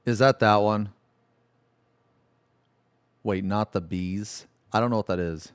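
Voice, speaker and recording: A male streamer talks off the cuff to his chat, circling back on himself and swearing freely. His voice sits on the lower side and sounds dry and close to the mic. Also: slow, pauses often, clear, resonant tone, no echo. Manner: rambling, laughing, swears a lot. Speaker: livestreamer. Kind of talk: casual livestream chat.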